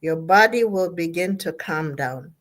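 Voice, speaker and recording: A woman's voice: fairly low pitch, expressive, measured pace. A woman, a therapist giving an emphatic motivational talk on mental health. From Zambia. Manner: emphatic, repeats and spells out key words. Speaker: therapist speaking at an online gathering.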